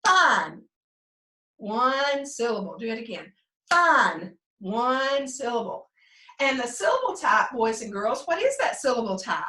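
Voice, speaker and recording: A woman teaching first grade phonics, prompting young pupils and slowly sounding out words in a sing-song way. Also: on the high side, sing-song, a bit bright. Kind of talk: remote phonics lesson for young children. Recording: echoey room, mic at a distance.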